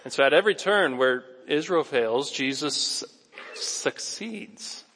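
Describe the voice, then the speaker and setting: A pastor preaches a sermon in a church sanctuary, speaking directly to his congregation in a conversational, animated way. His mid-range male voice moves at normal speed and leaves a long reverb tail.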